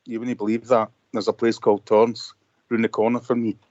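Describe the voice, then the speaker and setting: Man, phone-in caller, rambling excited story, dry dull lo-fi line. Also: on the low side, brisk, dry recording. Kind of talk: phone-in call.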